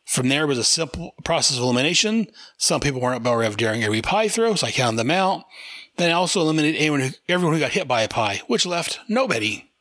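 A man voicing a calm, know-it-all sleuth explaining a mystery step by step. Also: a little high, fast, no echo. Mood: explanatory. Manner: matter-of-fact, explaining.

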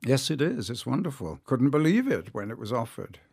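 A man who narrates audiobooks, talking in an interview as an enthusiastic, animated storyteller. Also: mid-range voice, brisk, gravelly, breathy edge, dry recording, clean studio sound. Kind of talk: interview conversation.

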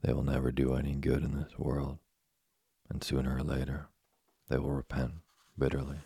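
A man with a husky, gravelly voice reading the lines of a patient, preachy old male cricket in an audiobook. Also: extremely low pitch, normal speed, no echo, full character voice. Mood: calm, preachy. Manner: calm and preachy.

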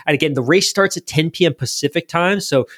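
A man co-hosting a podcast, telling stories in a casual, animated way. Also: a little high, a little fast, no echo, clean studio sound. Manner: animated storytelling with quoted asides. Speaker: podcast co-host. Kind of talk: casual chat.

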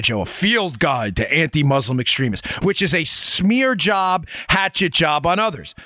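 Man, middle-aged podcast host, combative ranting commentary, slightly high voice, dry close studio sound. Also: sharp tone, no echo. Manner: combative, ranting, punchy rhetorical questions. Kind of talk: heated political commentary.

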